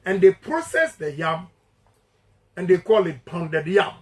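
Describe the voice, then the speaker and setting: A man's voice: sits high, sing-song, unhurried, rough recording. A man with a Ghanaian accent giving an emphatic campaign speech, repeating his key points and switching between English and Twi. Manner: emphatic, repetitive and declamatory. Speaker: politician addressing supporters.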